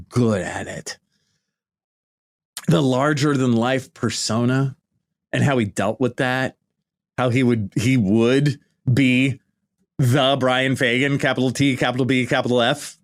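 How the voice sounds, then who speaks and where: A middle-aged American man hosting a podcast, reminiscing in a casual, lighthearted monologue full of "right?" and "you know". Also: medium pitch. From United States. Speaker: podcast host. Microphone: podcast microphone.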